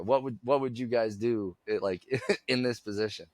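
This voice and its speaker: A middle-aged man tells a casual podcast story, rambling along and playing both sides of the exchange. His pitch sits in the middle range for a man. The sound is close and dry, with no room echo. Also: normal speed, a bit bright. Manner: rambling storyteller who acts out both sides of a conversation and laughs while telling. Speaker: podcast co-host.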